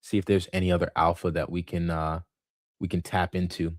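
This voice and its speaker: A livestream host with a very low, deep voice rambles through casual market commentary, thinking aloud with many fillers and restarts, and he has the hiccups. His tone is level and his pace brisk, and the recording is dry and close with no room sound.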